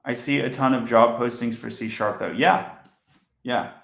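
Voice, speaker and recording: Sleepy, gravelly-voiced man coding live. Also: mid-range voice, moderate pace, roomy sound. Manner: sleepy monotone delivery. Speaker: software developer teaching on a live stream. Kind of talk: casual live coding stream.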